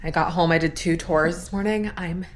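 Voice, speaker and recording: A woman's voice: fairly low pitch, fairly even intonation, normal speed, reverberant, a little hiss or hum. A young woman chatting casually in a home vlog, tired, talking loosely with lots of "like" fillers. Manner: chatty, says "like" often. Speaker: vlogger.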